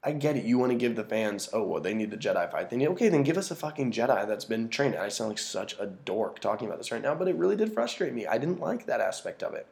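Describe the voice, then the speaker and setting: Man, gravelly voice, mid pitch, exasperated profane film rant. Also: lively intonation, fast talker, few pauses, darkish tone. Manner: profane, exasperated, restarts often. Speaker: movie reviewer.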